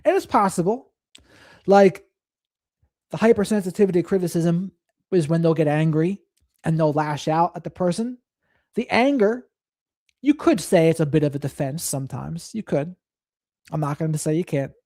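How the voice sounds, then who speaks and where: A man's voice: a little high, moderate pace, pauses often, a little mellow, no room sound, studio quality. A man hosting a live stream, commenting on clips in a reflective way and reading and thanking viewers from the chat.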